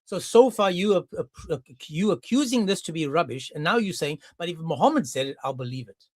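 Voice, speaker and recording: A man's voice: on the high side, expressive, brisk, dry recording, studio quality. A man hosting a heated live-stream debate, combative and mocking, often cutting others off. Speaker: debate host.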